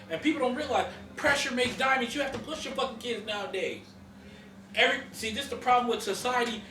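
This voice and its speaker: A man's voice: high-pitched, sharp tone, reverberant, far from the mic. A man hosting a podcast, ranting in heated casual chat, profane and emphatic. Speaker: podcast host.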